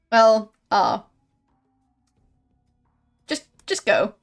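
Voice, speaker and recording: A woman's voice: a little high, expressive, takes it slowly, pauses often, faint music behind. A woman streaming a game, commenting casually in a wry, playful way and laughing at what happens.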